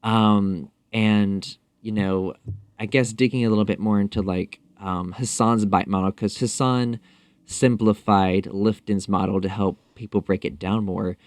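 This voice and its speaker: Thoughtful but halting, a male podcast guest in a casual interview leans on frequent fillers and restarts. His lowish voice holds fairly even intonation, recorded without room sound.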